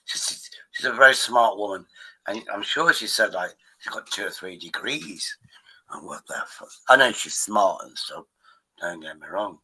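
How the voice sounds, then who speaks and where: A man's voice: fairly low pitch, animated, normal speed, bright, forceful tone, breathy edge, rough recording. A man hosting a live stream, rambling in a casual, profane way. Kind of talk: casual chat.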